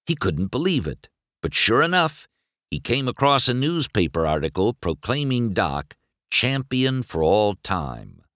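A man narrating a children's storybook in an expressive, dramatic read-aloud manner. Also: fairly low pitch, a little slow, no echo, clean studio sound. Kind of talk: storybook reading.

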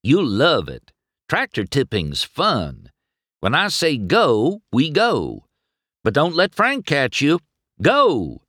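A man's voice: huge pitch swings, unhurried, no echo, studio quality, heavily acted. A man voicing a goofy, cheerful male tow truck who loves pranks, in a raised, teasing voice. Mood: urging. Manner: gleeful, teasing, higher and louder.

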